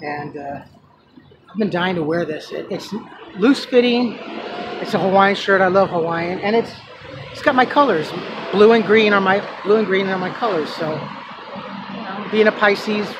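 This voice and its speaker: A man's voice: sits high, moderate pace. Emotional rambling man vlogging by traffic. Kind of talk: casual personal vlog.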